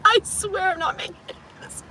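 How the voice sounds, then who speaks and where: A woman vlogger recounts a story from inside a vehicle, her voice bright and ringing. She talks in an animated, profane rush, breaking into laughter and coughs, with a faint hum of ambience behind her. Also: very high-pitched, moderate pace. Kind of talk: casual storytelling to camera.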